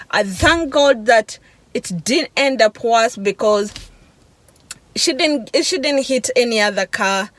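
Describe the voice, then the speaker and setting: Slow, halting woman telling a testimony. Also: fairly high pitch, dry recording, poor audio. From Africa. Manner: halting and searching for words, with sighs and restarts. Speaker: vlogger sharing a personal testimony. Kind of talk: emotional spoken testimony.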